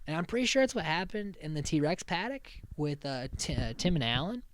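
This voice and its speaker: A man's voice: fairly high pitch, sing-song, fairly quick, fairly bright tone, a little hiss or hum. A man hosting a podcast, recapping episodes in a rambling, chatty way, swearing freely and often restarting his sentences. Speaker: podcast host.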